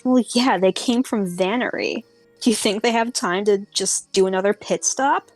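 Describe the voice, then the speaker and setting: A woman's voice: medium pitch, moderate pace, no echo, soft background music, lightly acted. A woman doing a pushy, fretful tavern keeper woman. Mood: insistent.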